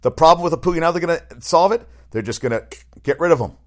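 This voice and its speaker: A man's voice: a little high, animated, rapid-fire. A man hosting a casual talk show, rambling bluntly and swearing through sports and TV opinions. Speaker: show host. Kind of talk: casual chat.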